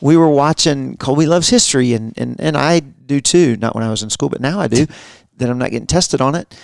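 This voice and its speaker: A man in his thirties, a pastor co-hosting a podcast, telling family stories in a casual, animated, self-mocking way. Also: mid-range voice, fairly quick, gravelly, no echo, clean studio sound. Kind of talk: casual storytelling chat.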